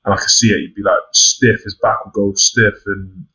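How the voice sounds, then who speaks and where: Frank, deep-voiced English rugby man. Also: steady tone, moderate pace, sharp tone, husky. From England. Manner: frank, swears freely, many ums. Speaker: podcast guest, rugby player. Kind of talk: casual reflective chat. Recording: dull lo-fi sound.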